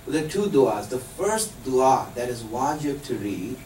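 A man's voice: medium pitch, big pitch swings, a little slow, hardly any pauses, noisy background. A man giving a religious lesson to a live group, explaining patiently and quizzing his listeners with questions. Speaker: religious teacher. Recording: echoey room, distant mic.

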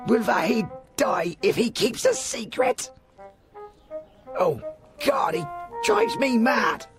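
A worried man calming someone down, high lively voice, slow with faint music behind. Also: vocal fry, heavily acted. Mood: reassuring. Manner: soothing, reassuring on the phone. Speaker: shopkeeper. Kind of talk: dubbed film dialogue.

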